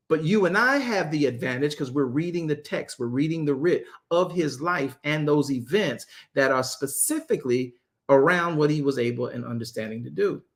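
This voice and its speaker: A man leading a Bible study as its apostle, joking with his group, often repeating and restarting his phrases. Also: sits high. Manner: joking, animated, talks straight to the group. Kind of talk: casual Bible study teaching.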